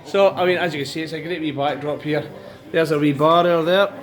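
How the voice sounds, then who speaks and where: A man leading a group trip, talking casually to camera at an outdoor campsite, halting with fillers and restarts. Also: on the high side, steady tone. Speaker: expedition leader of a veterans' charity trip. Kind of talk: casual vlog narration to camera.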